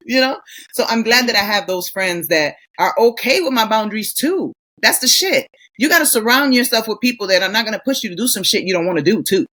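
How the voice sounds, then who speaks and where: Middle-aged woman co-host, brash and profane, lively storyteller, casual banter. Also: a little high, fairly quick. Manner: blunt, profane, animated storytelling. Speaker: podcast co-host. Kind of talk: casual chat.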